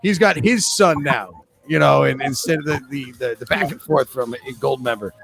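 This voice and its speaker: A man's voice: medium pitch, moderate pace, creaky, a bit bright, soft background music. A man hosting a live trivia game, reading questions and answer choices in a chatty, joking way. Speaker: trivia host.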